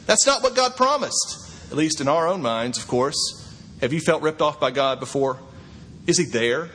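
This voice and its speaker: A middle-aged man preaching a sermon as a pastor, swinging from quiet asides to high, incredulous exclamations. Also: sing-song, moderate pace, long pauses, breathy edge. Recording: long hall reverb, faint ambience.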